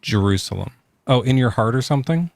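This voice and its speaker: A man's voice: mid-range voice, animated, fairly quick, gravelly, a little mellow. A man calling in to a late-night debate, questioning a believer in a sarcastic, teasing way. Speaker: atheist caller. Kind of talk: mocking debate call.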